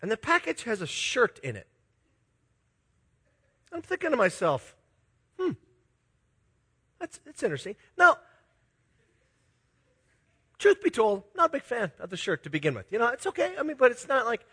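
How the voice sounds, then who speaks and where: A man's voice: very high voice, huge pitch swings, moderate pace, pauses often, bright, forceful tone, breathy edge. A middle-aged man from Minnesota, a pastor telling self-deprecating stories in a sermon. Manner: self-deprecating, confessional, chuckling storyteller. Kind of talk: sermon with personal storytelling.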